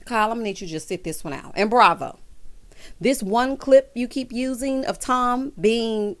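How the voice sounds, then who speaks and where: A woman with a fairly high voice talks through a reality TV episode in a sassy, emphatic way. She leans on drawn-out "honey" and "child" asides and laughs often as she gives her opinions. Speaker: reality TV recap vlogger. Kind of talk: opinionated casual commentary.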